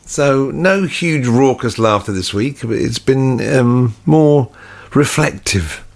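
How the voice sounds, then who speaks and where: Playful man with a lively voice. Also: medium pitch, slow. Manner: playful, teasing, laughs often. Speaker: podcast co-host. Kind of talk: casual chat.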